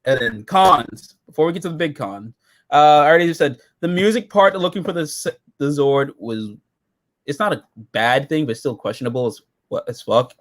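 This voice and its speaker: A man co-hosting a casual episode review, profane and excitable, jumping into silly quoted voices. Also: on the high side, normal speed.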